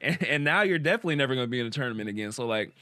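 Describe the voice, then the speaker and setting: A man hosting a podcast in casual, animated chat, often restarting his sentences. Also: medium pitch, very fast, no echo, studio quality. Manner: animated, talks through restarts and laughs. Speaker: podcast host.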